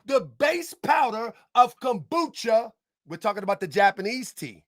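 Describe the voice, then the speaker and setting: A man delivering a heated rebuttal monologue as an online commentator, combative and emphatic, repeating his points and bursting into shouts. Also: extremely high pitch, big pitch swings, moderate pace, dry recording, clean studio sound.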